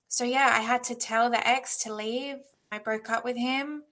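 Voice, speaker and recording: A fairly high-voiced woman in her thirties tells a personal story. She talks in a reflective, earnest way and fills her sentences with "like". It is an interview setting. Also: little pitch movement, moderate pace, few pauses, a bit bright. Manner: reflective, earnest, many "like" fillers. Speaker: guest, intuitive channel.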